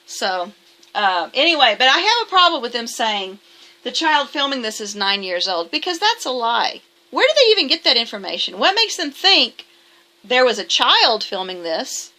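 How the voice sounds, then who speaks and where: A woman's voice: on the high side, big pitch swings, moderate pace, bright, forceful tone. A woman talking casually to camera in a vlog, emphatic and defensive, rambling with restarts. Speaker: vlogger.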